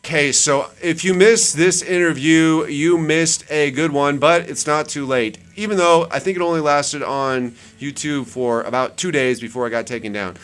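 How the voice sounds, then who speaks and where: A man's voice: a little high, moderate pace, hardly any pauses, fairly bright tone, smooth, faint music behind. A man hosting his channel, chatting casually while scrolling through web pages, rambling and repeating words for emphasis. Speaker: channel host. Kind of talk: casual screen-share commentary.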